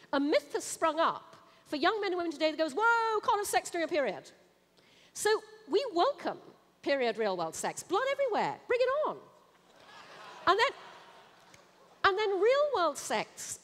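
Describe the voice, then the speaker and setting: A woman's voice: extremely high pitch, wildly swooping pitch, moderate pace, a bit bright. A woman giving a conference keynote talk on stage, speaking in an emphatic, punchy and blunt way. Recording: reverberant hall.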